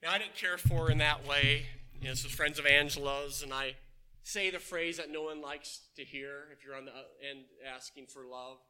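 Bright high-pitched male preacher. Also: moderate pace, clean tone. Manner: storytelling, animated, asks the congregation questions. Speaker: pastor. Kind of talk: sermon. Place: church.

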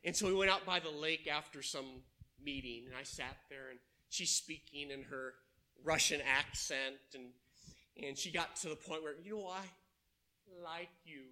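A man preaching a sermon to his congregation, telling stories in an animated way and asking them questions. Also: on the high side, normal speed. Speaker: pastor. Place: church.

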